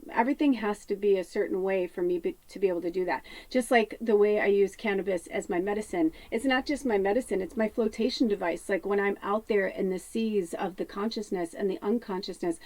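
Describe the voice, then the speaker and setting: A woman's voice: medium pitch, a little mellow, dry recording. A woman psychic medium in a rambling spiritual monologue, often laughing and swearing casually as she talks.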